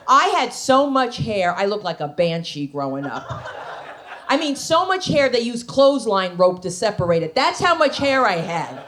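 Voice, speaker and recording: A woman comedian from New Jersey telling brash, animated stand-up stories on a comedy club stage. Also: medium pitch, moderate pace, slight background noise. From New Jersey, USA. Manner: brash, animated storytelling with put-on voices.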